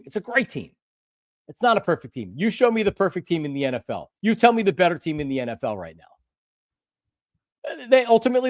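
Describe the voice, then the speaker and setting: Excitable older man, lively pitch. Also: no room sound, clean studio sound. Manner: passionate, emphatic, repeats himself; bursts into shouting. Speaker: sports show host. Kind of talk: live-streamed sports talk.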